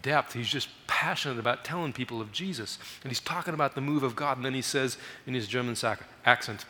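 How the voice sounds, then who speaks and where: Animated bright-voiced male preacher. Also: mid-range voice, fast, few pauses, big-room sound. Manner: animated storytelling, raises voice for emphasis. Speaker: guest missionary preacher. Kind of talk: sermon. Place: church sanctuary.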